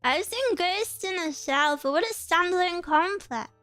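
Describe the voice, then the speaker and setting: A woman's voice: extremely high pitch, animated, measured pace, sharp tone, no room sound, faint music behind. A woman chatting casually on a livestream, answering viewer comments in a playful, giggly way with cutesy exclamations. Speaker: streamer.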